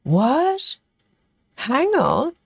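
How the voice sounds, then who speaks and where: Woman host reading out viewer comments in an unhurried, um-filled chat; dry, close recording. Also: sits high, wildly swooping pitch, vocal fry, no room sound. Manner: unhurried, thinking aloud with many ums. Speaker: cross-stitch livestream host.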